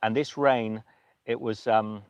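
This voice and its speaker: A man hosting a livestream, telling a story in a casual, emotional way with many halting restarts. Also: on the low side, steady tone, clear, resonant tone, no echo, lo-fi sound. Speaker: livestream host.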